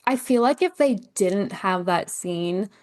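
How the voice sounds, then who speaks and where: A woman's voice: mid-range voice, measured pace, no echo. A chatty woman guest, a gardener, with a mid-range voice for a woman. She tells stories with animation, acting out the lines she quotes and using "like" often. Her sound is dry and close. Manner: animated storyteller, acts out quoted lines, says "like" a lot. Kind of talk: casual chat.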